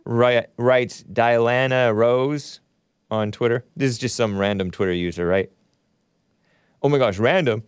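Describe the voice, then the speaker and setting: A man's voice: mid-range voice, lively intonation, unhurried, smooth, no room sound. Guy hosting a talk show, sarcastic and mocking, dry close mic. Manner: sarcastic, mocking, bursts into loud outbursts. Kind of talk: casual commentary over news clips.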